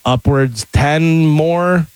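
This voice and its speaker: A man's voice: on the high side, drawn-out words, darkish tone, clear, resonant tone, no room sound. A man co-hosting a podcast, chatting casually and rambling through stories. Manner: rambling storyteller, acts out quotes. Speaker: podcast co-host. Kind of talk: casual chat.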